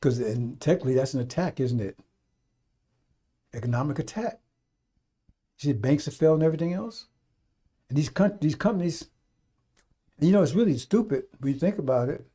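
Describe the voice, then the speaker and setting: Fiery, preachy man with high, dark voice. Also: brisk, pauses often, slightly rough. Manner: fiery, preachy, swears, mimics voices in asides. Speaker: radio talk host. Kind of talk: rambling radio monologue.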